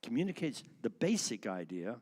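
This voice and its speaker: Male class teacher, interactive and animated, leans on stressed words, medium pitch. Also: normal speed. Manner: animated, asks the class questions, shifts word stress for effect. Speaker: teacher leading a church class. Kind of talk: interactive church class lecture.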